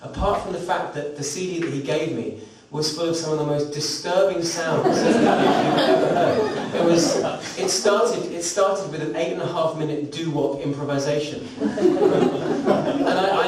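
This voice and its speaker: Over a loud crowd, a man with a fairly high voice speaks a little slowly. The singer-songwriter is performing live in a recording studio and tells a small audience a rambling, self-deprecating tale before a song. The recording is distant and roomy, with background noise.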